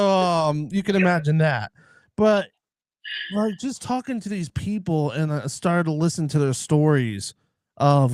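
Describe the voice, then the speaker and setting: Man from the US, rambling earnest casual talk, slightly high voice, dry sound. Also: a little mellow, no room sound. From United States. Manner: rambling, earnest, many fillers. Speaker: podcast guest. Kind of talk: casual chat.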